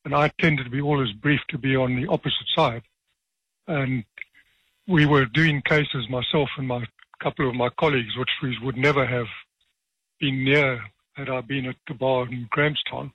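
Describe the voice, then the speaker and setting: A retired judge, telling stories with dry, self-deprecating humour in a radio interview. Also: male voice, mid-range voice, steady tone, moderate pace, fairly bright tone, slightly rough, no echo, muffled recording. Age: 70s.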